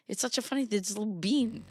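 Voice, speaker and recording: A woman's voice: mid-range voice, normal speed, slight background noise. A woman in her thirties hosting a casual livestream, giggly and often breaking into laughter. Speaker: streamer host.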